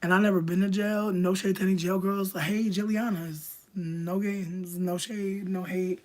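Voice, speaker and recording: A young woman streams live, telling a long personal story in casual, profane slang stuffed with "like," flipping between hushed asides and loud bursts. Her voice is mid-range, her intonation fairly even, and her pace a little slow.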